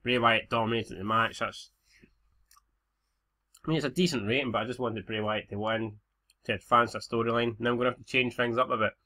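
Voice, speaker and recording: Sweary Scottish guy with bright voice. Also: medium pitch, fairly even intonation, fairly quick, pauses often. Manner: sweary, laid-back banter. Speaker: game commentator. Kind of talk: casual let's-play commentary.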